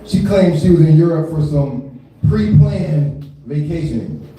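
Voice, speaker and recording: A thirties-aged stand-up delivers a loose, foul-mouthed set at a live venue, laughing frequently and padding lines with filler tags. He speaks on the high side, a little slowly and animatedly, with a warm tone; the echoey room is recorded from a distance with slight background noise.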